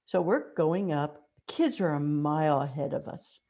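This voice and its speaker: An older woman with a low voice tells stories in a relaxed interview. She shifts into little acted-out quotes as she goes. The tone is conversational and animated. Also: a little slow. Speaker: mystery author guest.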